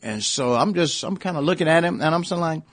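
A man's voice: a little high, animated, fast, no echo. Older man telling rambling basketball stories. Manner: rambling anecdotes, frequent restarts and "you know". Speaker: former basketball coach, guest. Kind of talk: casual storytelling interview.

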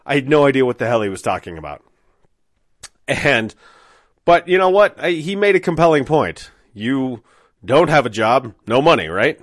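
A man's voice: medium pitch, big pitch swings, moderate pace, long pauses, no room sound, studio quality. A man telling a rambling, self-deprecating story in a casual way, with many fillers.

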